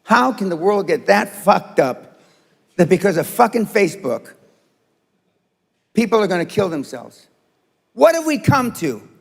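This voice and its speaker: Gravelly, blunt older man lecturing a room. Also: high-pitched, long reverb tail. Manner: blunt, profane and confrontational. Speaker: motivational speaker. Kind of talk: seminar speech to a live audience. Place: seminar room.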